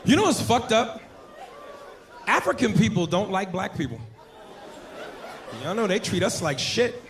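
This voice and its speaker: A brash, profane male comedian working a live crowd, his voice riding fairly high. The stage mic picks up constant room noise and a crowd that keeps laughing. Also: expressive, measured pace. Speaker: stand-up comedian. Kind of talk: stand-up comedy set.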